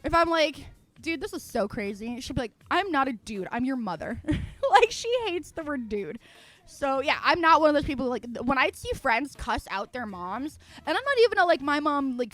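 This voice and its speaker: Chatting casually, this young woman streamer spins a story with lots of swearing and energy. She performs her own quotes, laughs frequently, and speaks in a high voice.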